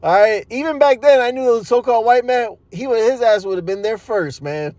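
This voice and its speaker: Man, high voice, dry close sound; profane, animated storyteller giving a testimony. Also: fairly quick, dry recording. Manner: animated, profane street talk with frequent fillers; laughs at his own story.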